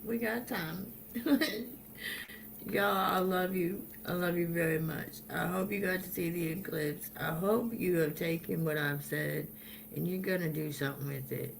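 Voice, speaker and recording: Woman host chatting slow n salty, laughs a lot, echoey room, bit of hum behind. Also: lowish voice, fairly even intonation, vocal fry. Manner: slow, profane, laughing storytelling. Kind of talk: casual inspirational vlog talk. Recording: roomy echo with faint ambience.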